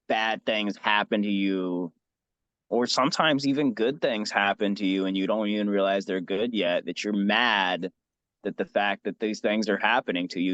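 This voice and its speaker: A man speaking as a podcast guest, telling a candid personal story in a reflective, halting way with many restarts and fillers. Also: lowish voice, no echo, lo-fi sound.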